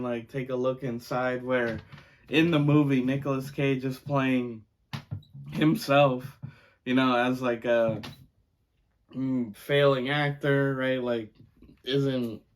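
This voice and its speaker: Rambling casual male movie reviewer. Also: mid-range voice. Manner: rambling, many fillers like "like" and "you know", laughs often.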